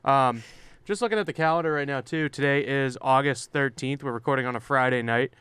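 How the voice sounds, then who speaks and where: A man's voice: mid-range voice, a little fast, a bit bright, clear, resonant tone, dry recording. A man co-hosting a podcast, talking in a laid-back, agreeable way in casual chat. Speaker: podcast co-host.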